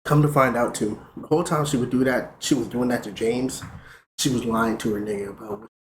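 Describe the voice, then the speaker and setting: A man's voice: medium pitch, brisk. Young man, streamer, casual profane storytelling, echoey room, light background noise. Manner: profane, animated retelling. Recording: roomy with faint noise.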